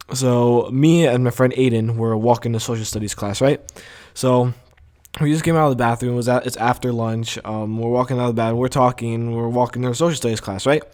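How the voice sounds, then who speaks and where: A young man telling a story from school in a casual vlog, full of fillers and swearing. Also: mid-range voice. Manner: rambling, profane, animated storytelling with many fillers. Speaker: vlogger.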